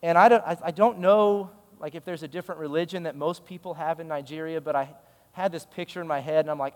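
A man's voice: on the high side, fairly even intonation, fast talker, darkish tone, big-room sound. A male pastor giving a sermon, telling a story in a conversational, emphatic way.

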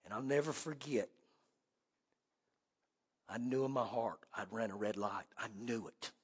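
A middle-aged male pastor preaching a sermon, telling a personal story dramatically, dropping to a hush and then rising loud. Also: medium pitch, measured pace, slightly rough. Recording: long hall reverb.

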